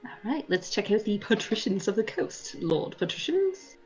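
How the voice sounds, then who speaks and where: A woman's voice: medium pitch, big pitch swings, normal speed, darkish tone, muffled recording. A woman streamer reading game events aloud with a playful, giggly manner.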